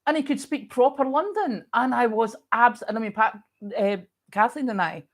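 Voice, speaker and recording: A middle-aged Scottish woman hosting a casual livestream, chatting and reading viewer comments, telling stories in a chatty, animated way while she has a lingering cough. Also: fairly high pitch, measured pace. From Scotland. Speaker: livestream host.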